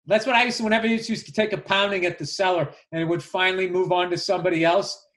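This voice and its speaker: A man co-hosting a podcast, telling stories in a loose, animated way, swearing freely and laughing often. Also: high voice, quick pace. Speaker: podcast co-host. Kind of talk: casual chat.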